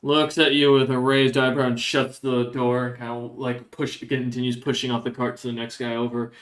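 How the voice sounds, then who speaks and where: A man's voice: mid-range voice, level tone, normal speed. A man narrating as game master of a tabletop game, rambling and hedging with fillers as he describes the scene.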